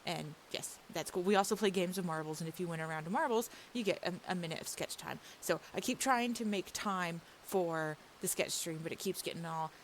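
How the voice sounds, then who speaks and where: A woman's voice: fairly low pitch, fairly quick, hardly any pauses. A woman streamer chatting casually with her audience, upbeat and rambling. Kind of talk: casual live stream chat. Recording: faint hiss.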